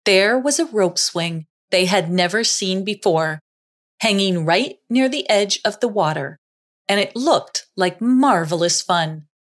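A woman narrating a children's story in a slow, expressive reading voice. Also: medium pitch.

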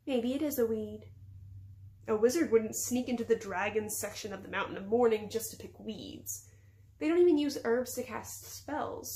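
A woman's voice: on the high side, gravelly, a little mellow. A woman teacher reading a chapter book aloud to a class, giving the characters light voices. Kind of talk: storybook read-aloud.

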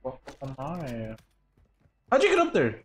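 A man's voice: mid-range voice, huge pitch swings, measured pace, slightly rough. Teasing young man laughing with a friend. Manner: teasing, laughs a lot, joking. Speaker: gaming partner. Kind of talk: casual gameplay banter.

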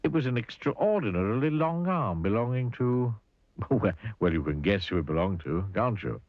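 A man narrating a children's cartoon story, playful and expressive, asking the listener questions. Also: lowish voice, moderate pace, no room sound, lo-fi sound.

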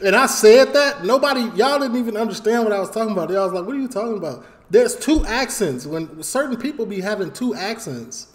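Dude reacting live on stream, hyped, keeps talking to chat, high voice. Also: male voice, brisk, few pauses, a little hiss or hum. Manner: excitable, laughing, talks to chat.

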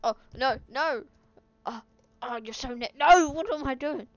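A woman giving excitable let's play commentary, exclaiming and chattering at the game as she plays. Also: sits high, unhurried, no room sound, lo-fi sound. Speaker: gaming video host. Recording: game sounds and noise behind. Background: video game sound effects.

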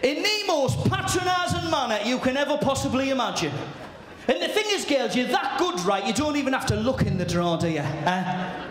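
A man doing brash stand-up as a warm-up comedian, swearing and shouting his punchlines. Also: very high voice, very animated, a little fast, soft background music, a faint crowd. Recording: very echoey live venue.

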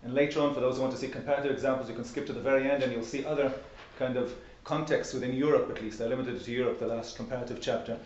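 A man's voice: medium pitch, fairly even intonation, rapid-fire, hardly any pauses, darkish tone, recorded from a distance, a little hiss or hum. A man giving an academic workshop presentation in a seminar room, talking conversationally and posing rhetorical questions. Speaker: lecturer. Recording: very echoey, dull room recording.

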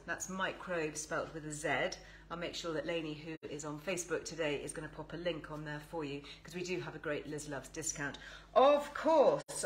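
A chatty English woman hosts a live stream, greeting her viewers with upbeat enthusiasm. Her voice sits a little low for a woman. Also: fairly bright tone, poor audio. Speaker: host.

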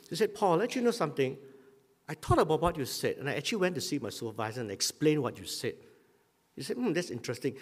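A husky-voiced male pastor preaching, his pitch rising and falling freely as he tells a personal story. He keeps stopping to clear his throat. The sound carries a long reverb from a church hall. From Malaysia.

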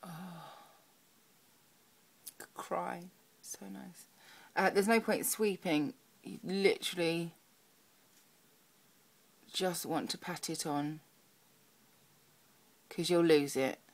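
Young girl doing a makeup tutorial, lowish voice, mutters to herself as she goes. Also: slow pace, pauses often. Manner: chatty, talks to herself while working, soft murmurs. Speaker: beauty vlogger.

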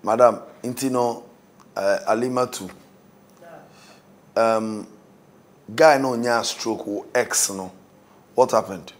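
A man's voice: mid-range voice, slow pace, long pauses. A man hosting a talk show, casual and upbeat as he introduces the guest. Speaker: host.

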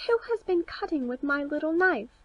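A woman voicing seven little dwarf men in a storybook reading, speaking in high, excited exclamations. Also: normal speed, highs cut off. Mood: puzzled.

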